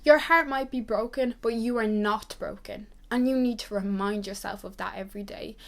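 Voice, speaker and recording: A woman's voice: fairly high pitch, moderate pace. A twenty-year-old woman giving an earnest, reassuring pep talk to camera, repeating herself for emphasis. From Ireland. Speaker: vlogger.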